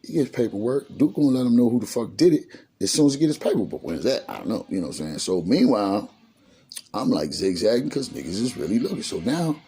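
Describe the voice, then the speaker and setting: A middle-aged man recounts his past in loose street slang, his low voice husky and dark. His pitch jumps around as he acts out what others said. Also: quick pace. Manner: street slang, animated acting out of quoted dialogue. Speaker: storyteller. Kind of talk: casual spoken life story.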